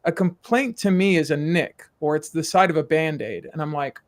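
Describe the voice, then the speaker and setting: A man who works as a curiosity coach, a guest on a sales podcast, talking in a lively way and acting out short exchanges. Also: a little high, moderate pace. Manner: animated, acts out little dialogues. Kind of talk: conversational podcast coaching talk.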